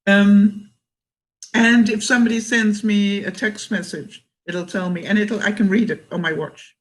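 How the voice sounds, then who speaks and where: A woman's voice: mid-range voice, steady tone, a little slow. Older canadian lady chatting on a livestream, laughs a lot, reads out comments. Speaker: vlogger. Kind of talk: casual livestream chat.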